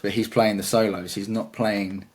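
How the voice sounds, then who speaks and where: Guy guitarist rambling on about gear in a chat, kinda low voice, keen and loose. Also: flat delivery, normal speed. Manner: rambling, enthusiastic. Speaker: guitarist guest. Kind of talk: casual interview chat.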